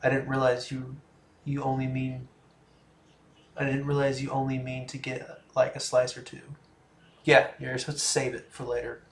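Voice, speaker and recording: A young man in his twenties talks easily through a livestream, reading out viewer questions and answering in a loose, rambling way. His voice is mid-pitched and sits in an echoey room with a faint hum of ambience behind it. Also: monotone, moderate pace, pauses often. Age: 20s. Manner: laid-back, chatty, laughs often, trails off. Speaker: livestream host. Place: room in a home.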